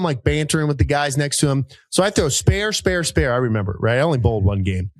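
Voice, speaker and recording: A man in his thirties, a podcast co-host telling a rambling, animated story with many fillers and jumps into high voices for people he quotes. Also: normal speed, no echo. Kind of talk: casual storytelling chat.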